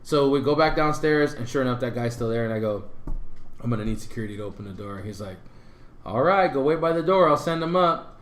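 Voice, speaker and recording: A man's voice: medium pitch, animated, fast, echoey room, slight background noise. A man co-hosting a podcast, telling a story in casual chat and acting out the voices of the people in it. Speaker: podcast co-host.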